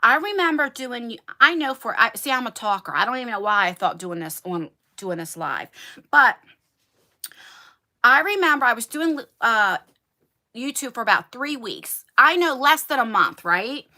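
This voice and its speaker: A woman chatting casually with viewers during a livestream, animated and talkative, speaking from a converted attic bedroom. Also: on the high side, normal speed. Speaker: beauty YouTuber.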